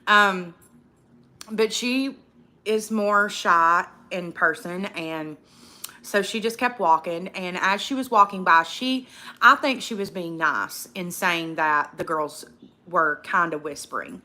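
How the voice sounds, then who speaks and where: On her casual eating livestream, a young host talks slowly in a fairly low yet bright voice with a forceful edge. She's blunt and foul-mouthed, ranting and reading out comments from viewers.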